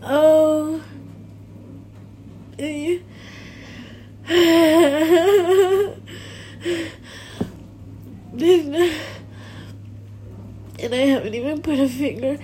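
A woman in an intimate solo recording, breathy and halting, moaning and whimpering through tears. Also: high-pitched, mellow, a little hiss or hum. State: tearful.

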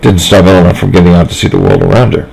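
A man reading a story aloud, voicing a cautious male doctor who speaks slowly and gravely. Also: sits low, flat delivery, darkish tone, exaggerated voice, rough recording. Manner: slow, grave and deliberate. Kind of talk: fan fiction reading aloud.

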